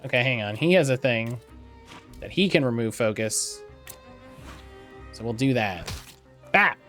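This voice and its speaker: A man streaming a video game, chatting excitedly and reading in-game text aloud. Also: medium pitch, soft background music. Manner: excitable, swears casually, reads item text in a measured voice. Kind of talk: casual let's-play commentary, reading game text aloud.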